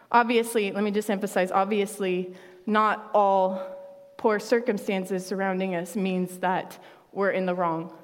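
A woman's voice: medium pitch, in a large hall. A woman pastor preaching a sermon in a conversational way, laughing often and acting out quotes.

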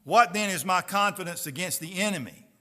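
A man with a high, sharp-toned voice preaches a sermon. He reads scripture slowly and earnestly and puts direct questions to his listeners.

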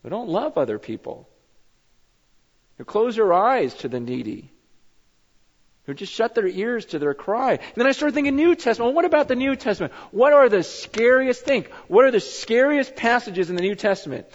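A man's voice: very high-pitched, sing-song, normal speed. A man preaching a sermon in a conversational storytelling way, often repeating words and building to emphatic passages. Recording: dull sound with long reverb in a hall.

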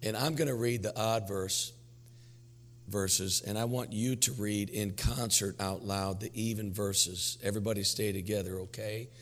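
A man's voice: fairly low pitch, fairly even intonation, moderate pace, long reverb tail. A man preaching as pastor, his voice weak and worn, joking with the congregation in a folksy way. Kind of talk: sermon.

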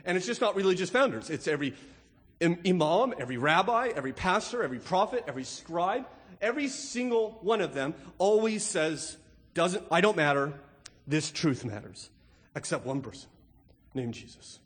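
A man's voice: high-pitched, very animated, normal speed. A middle-aged male pastor preaching an emphatic sermon, often asking "right?" as he makes his points. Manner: emphatic, rhetorical, with repeated "right?". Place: church sanctuary. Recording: long hall reverb.

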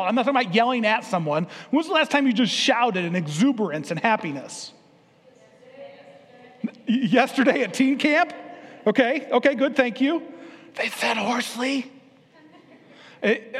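High-voiced pastor preaching in a reverberant hall. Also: male voice. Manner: playful, engaging the congregation with questions. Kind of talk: sermon. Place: church sanctuary.

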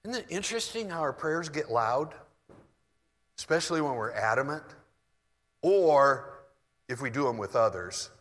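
A man preaching a sermon in a relaxed, conversational way, moving between soft asides and loud bursts. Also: on the high side, normal speed, long pauses, long reverb tail. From United States. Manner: conversational, shifts from soft asides to mock shouting.

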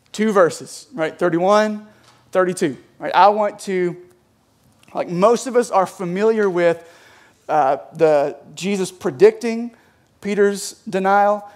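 A man's voice: sits high, a little slow. A young adult man in the States, a pastor giving a casual, conversational sermon in a church, often checking in with "right?". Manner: chatty, peppers talk with "right?" and "like". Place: church sanctuary.

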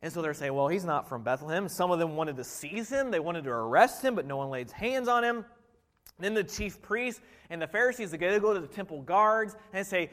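A man preaching a sermon, animated and full of rhetorical questions, dropping to a hush and rising again. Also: high voice, normal speed. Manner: animated, rhetorical questions, swings between loud and hushed. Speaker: pastor. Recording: reverberant hall.

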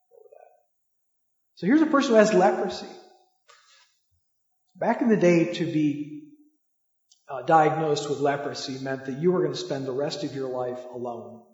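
In an echoey hall, recorded with dull lo-fi sound, a man with a fairly high, darkish voice preaches a conversational sermon. He poses rhetorical questions to his listeners.

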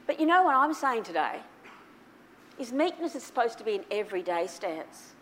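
Animated woman preaching a sermon. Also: a little high, normal speed, slight background noise. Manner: animated storytelling, swings from soft to loud. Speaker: pastor.

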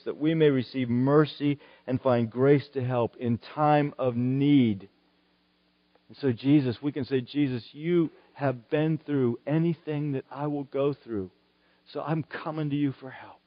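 A man's voice: medium pitch, dry recording, lo-fi sound. A man preaching a sermon, earnest and rising to emphatic declarations.

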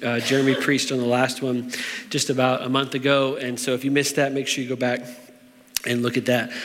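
A man's voice: mid-range voice, a bit bright, long reverb tail. A man preaching a sermon in a church, talking in a conversational way with fillers and restarts. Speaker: pastor.

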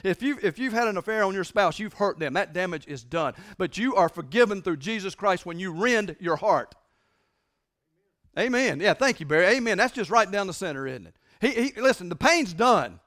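High-voiced man preaching a sermon. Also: expressive, moderate pace. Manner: repetitive, emphatic preaching with swings from loud to hushed. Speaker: pastor.

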